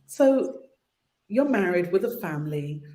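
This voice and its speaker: A woman's voice: lowish voice, lively intonation, unhurried, warm tone. Chatty woman in a roomy space. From London. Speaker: host. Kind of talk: casual interview chat.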